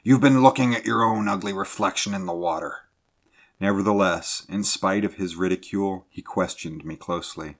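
A man reading a sea adventure story aloud in a measured, low-key narrating manner.

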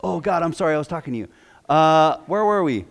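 A man's voice: fairly high pitch, lively intonation, fast, creaky. A pastor acting out a distracted man whose prayer drifts into mumbled grumbles. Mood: distracted mumbling. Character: distracted adult man praying, mind wandering. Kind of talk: sermon illustration.

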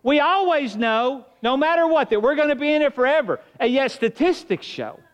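Pastor, male, high-pitched, preaches in an earnest, chatty way; slightly dull recording. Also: expressive, normal speed. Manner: earnest, conversational preaching with shifting emphasis. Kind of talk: sermon.

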